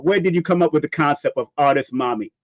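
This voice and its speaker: A man's voice: on the high side, fast, no echo, muffled recording. A man hosting a casual interview, enthusiastic, repeating phrases and laughing a lot. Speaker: interview host.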